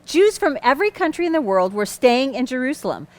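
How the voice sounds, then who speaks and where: A woman's voice: high-pitched, very animated, a little fast. A woman hosting a kids' church lesson, reading a Bible story patiently while keeping a joking partner on track. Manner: patient, gently amused, keeps the story on track.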